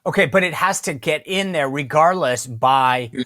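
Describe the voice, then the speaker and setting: A man hosting a political interview show, talking with animated energy and often restarting his sentences. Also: a little high, moderate pace, no room sound, studio quality. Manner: animated, repeats himself and restarts. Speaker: podcast host.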